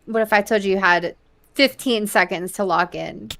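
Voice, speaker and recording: A woman's voice: mid-range voice, moderate pace, gravelly, a bit bright. A woman hosting a casual gaming quiz, reading out questions and teasing the contestant in a matter-of-fact way. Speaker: quiz host.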